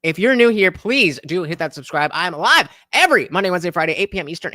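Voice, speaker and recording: Bright-voiced man rambling on a livestream. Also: sits high, sing-song, fast, few pauses, no echo, studio quality. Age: 30s. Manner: rambling, heavy filler words. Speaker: livestream host. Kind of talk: livestream reaction commentary.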